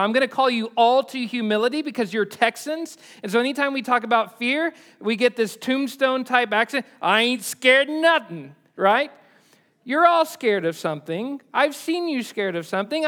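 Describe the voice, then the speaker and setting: A male pastor with a notably high voice delivers a sermon. He swings from loud, emphatic peaks down to hushed, low asides. He repeats his key lines to drive them home.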